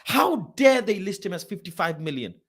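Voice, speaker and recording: A man hosts a football channel, ranting in a casual live stream. He swears, reads things aloud off a screen and keeps breaking into loud mock outrage. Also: high voice, moderate pace, husky. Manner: animated, exasperated, swearing, shouting in mock outrage.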